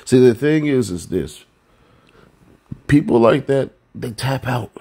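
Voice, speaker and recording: A man's voice: medium pitch, animated, takes it slowly, a little mellow. A man hosting a commentary rant, blunt and profane, lecturing viewers with rhetorical questions. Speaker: commentary host.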